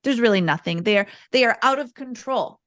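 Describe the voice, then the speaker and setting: Calm, explanatory woman with a high voice. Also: fairly quick, no room sound, studio quality. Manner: calm, explanatory, repeats words while thinking. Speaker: podcast guest, parenting speaker. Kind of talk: casual interview talk.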